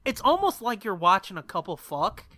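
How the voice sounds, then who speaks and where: Male podcast co-host, bright edge, loose profane storyteller. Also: high voice, big pitch swings, normal speed. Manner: profane, rambling anecdote telling with laughs. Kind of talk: casual storytelling.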